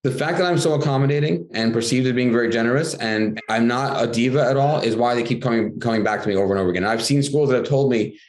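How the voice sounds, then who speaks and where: Fast-talking man in an echoey room. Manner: animated, acts out classroom dialogue in a higher voice. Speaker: guest author. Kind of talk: casual interview talk. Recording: roomy echo.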